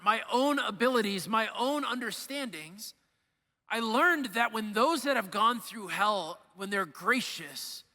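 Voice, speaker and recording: A young male priest preaching with a high, bright voice that rings through a church's long reverb. He tells personal stories in a relaxed, conversational way and acts out the lines he quotes.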